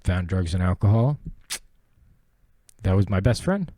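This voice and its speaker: A man's voice: low-pitched, expressive, measured pace, mellow, no room sound. A young man hosting a podcast, telling his personal story in a rambling, profane and earnest way. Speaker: podcast host.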